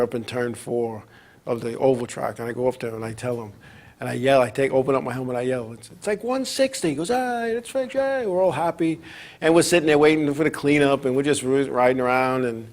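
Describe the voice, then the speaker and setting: A man at a middle pitch tells a long racing story as host of his show. He rambles, restarts sentences and keeps his delivery animated and casual.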